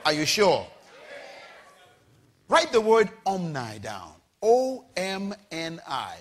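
High, lively, shouting male preacher. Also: slow pace. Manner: call-and-response preaching, shouting and rising. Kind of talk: sermon. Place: church with congregation.

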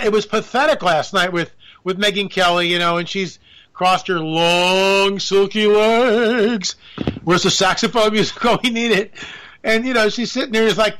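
A man's voice: high-pitched, pushed and bright. A man hosting a radio show, riffing through a sarcastic, rambling political monologue with jokey asides.

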